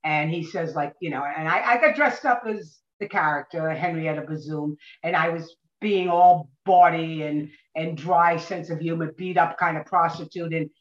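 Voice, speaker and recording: A woman actress, a podcast guest, telling stories in an animated way and acting out what people said. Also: deep voice, moderate pace, few pauses. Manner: animated, acts out quoted voices. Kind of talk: anecdotal podcast storytelling. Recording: dull, roomy recording.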